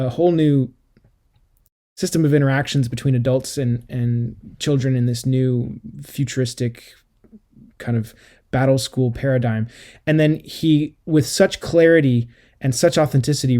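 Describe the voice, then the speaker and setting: Mellow-voiced man discussing a book. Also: medium pitch. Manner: thoughtful, many restarts and fillers. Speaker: podcast co-host.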